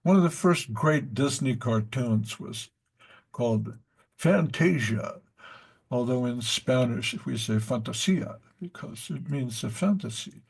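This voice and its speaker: Slow, gravelly-voiced male teacher. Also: mid-range voice, expressive. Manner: rambling, with many fillers and asides. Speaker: teacher of a devotional study class. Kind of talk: unhurried spiritual class talk with stories.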